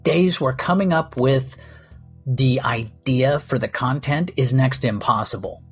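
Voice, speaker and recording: A male podcast host tells a comic story with a wry, sardonic edge and a salty tongue. His voice sits at an ordinary middle pitch. Faint guitar music plays behind him. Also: unhurried, husky. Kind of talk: comedic storytelling monologue.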